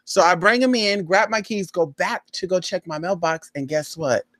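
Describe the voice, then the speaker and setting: A woman's voice: on the low side, normal speed, a bit bright, no room sound. A woman telling a neighborhood story in a casual, gossipy vlog. She talks animatedly, acts out other people's voices, and keeps calling the viewer "girl" and "honey". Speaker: spiritual reader and vlogger.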